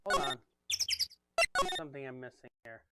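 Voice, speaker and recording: Quiet woman muttering over game music. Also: extremely low pitch, normal speed. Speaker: streamer playing a game. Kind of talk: casual game commentary. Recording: loud game music behind.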